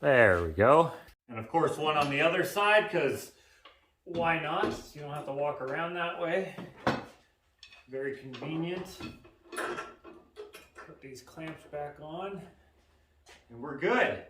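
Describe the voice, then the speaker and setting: Man, mid-pitched, bright tone, casual rambling shop vlogger; faint background noise. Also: lively intonation, slow pace, long pauses. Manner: rambling, filler-heavy, self-deprecating. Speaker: woodworker vlogger. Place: woodworking shop indoors.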